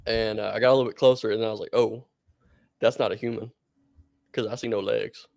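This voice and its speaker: A male podcast co-host with a gravelly voice tells a story in a loose, meandering way. He breaks into laughter often. His voice sits close and dry. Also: fairly low pitch, fairly even intonation, brisk, a little mellow, no echo. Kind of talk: casual podcast chat.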